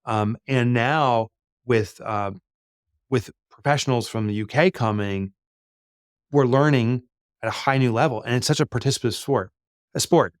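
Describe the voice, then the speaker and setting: A man's voice: mid-range voice, moderate pace, smooth, no echo. Chatty man with a dry sound. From United States. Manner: chatty, frequent fillers and restarts. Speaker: guest, business author. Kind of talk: conversational interview answers.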